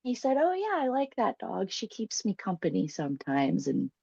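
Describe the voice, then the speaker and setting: A woman's voice: medium pitch, wildly swooping pitch, normal speed, creaky, darkish tone, slightly rough, no echo. Candid woman telling an emotional story. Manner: candid, emotional, swears freely, laughs often. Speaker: podcast guest. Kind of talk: personal storytelling interview. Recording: dull, dry, lo-fi podcast sound.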